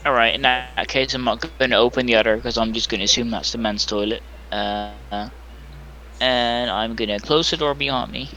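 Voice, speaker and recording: Brief: male player, bright sharp tone, mid pitch, faint hiss under the voice. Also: moderate pace, low-quality recording. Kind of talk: casual tabletop play over voice chat.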